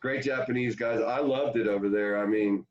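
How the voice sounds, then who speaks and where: A former pro baseball player, appearing as a guest in a casual interview, tells rambling anecdotes packed with fillers. His voice is on the low side with fairly even intonation and a moderate pace, and the recording sounds dull and lo-fi.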